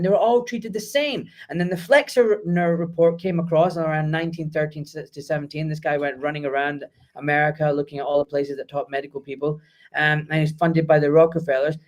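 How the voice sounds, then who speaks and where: Animated, emphatic man swearing freely. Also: high-pitched. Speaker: guest doctor. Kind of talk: casual conversational interview.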